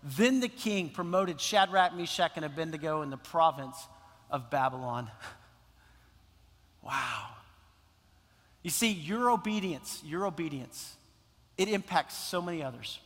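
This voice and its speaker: Male pastor, sermon, high voice, passionate, repeats lines, long church reverb. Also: measured pace, long pauses, fairly bright tone. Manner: impassioned, repeats phrases for emphasis. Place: church sanctuary.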